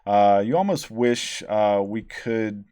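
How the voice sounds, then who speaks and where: Rambling, sarcastic man with a low voice. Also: lively intonation, slow pace, mellow, smooth, no room sound, clean studio sound. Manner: rambling, sarcastic, with many ums and restarts. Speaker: podcast host reviewing albums. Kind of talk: casual, profane album review.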